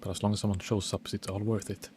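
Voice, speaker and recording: A man's voice: lowish voice, little pitch movement, quick pace, a little mellow, a little hiss or hum. A man casually commenting on his own gameplay as a streamer, chatting while eating. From Sweden.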